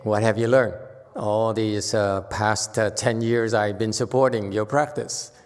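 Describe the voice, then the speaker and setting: A polite but demanding middle-aged woman patron, as a Korean-accented man quotes her in a sermon. She speaks up a little louder than the man's usual voice. The words ring out with a long hall reverb. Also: lowish voice, fairly even intonation, a little slow, clear, resonant tone, lightly acted. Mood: firm.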